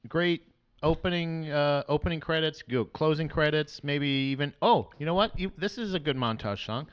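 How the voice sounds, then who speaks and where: A man's voice: on the high side, normal speed, smooth. A man co-hosting a music podcast, rambling through stories in casual chat and acting out what other people said. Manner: rambling, acts out quoted people in mock voices. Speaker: podcast co-host.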